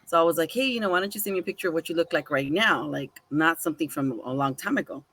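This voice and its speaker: Bright-voiced woman telling a story. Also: deep voice, fast. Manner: animated, swears casually, acts out quoted dialogue. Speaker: podcast co-host. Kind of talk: casual storytelling chat.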